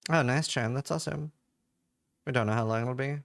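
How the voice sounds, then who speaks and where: A man's voice: medium pitch, a little fast, vocal fry, a bit bright. A man from Norway, a game streamer, chatting casually and reading his chat aloud with offhand swearing.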